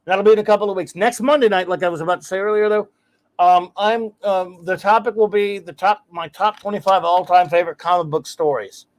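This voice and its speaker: A man hosting a casual livestream, talking in an enthusiastic, rambling way and giving effusive shout-outs. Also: high-pitched, a little fast. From United States. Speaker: host.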